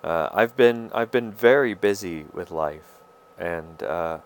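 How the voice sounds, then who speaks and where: A man hosting his own podcast, talking through a halting, confessional monologue full of fillers and restarts. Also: deep voice. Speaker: podcast host. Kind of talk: rambling personal monologue.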